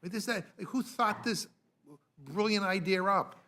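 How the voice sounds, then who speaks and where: A man on a congressional committee, speaking in an exasperated and halting way. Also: high-pitched, bright, forceful tone. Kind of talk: committee hearing remarks.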